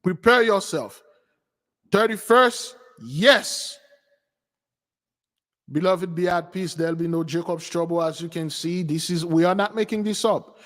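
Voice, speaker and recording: A man's voice: high-pitched, a little slow, pauses often, a bit bright. Exhorting male preacher in an echoing hall. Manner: repetitive, stumbling restarts, exhorting. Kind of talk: sermon.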